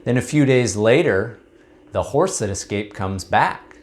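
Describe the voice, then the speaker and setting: A man's voice: medium pitch, lively intonation, measured pace. A man, a recovery coach, talking casually to camera and telling a story in a conversational way.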